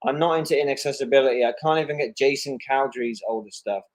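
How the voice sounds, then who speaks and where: A man's voice: mid-range voice, fast. A man co-hosting a casual comics chat over a video call, laid-back and hesitant, with frequent fillers. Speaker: co-host reading viewer questions.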